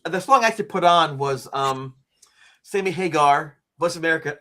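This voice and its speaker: A man of about sixty, a guest on an interview show, telling a personal story in a lively way and acting out the quotes. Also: a little high, moderate pace. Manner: lively, acts out quotes and screams, frequent "like" fillers. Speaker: interview guest, author and teacher.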